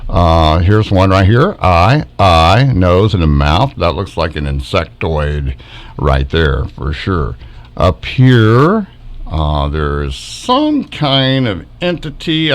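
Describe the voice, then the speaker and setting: A man hosting a casual live stream from home, pointing things out excitedly and asking the viewers questions. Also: low voice. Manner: excitable, wondering aloud, many rhetorical questions. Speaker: backyard paranormal video host.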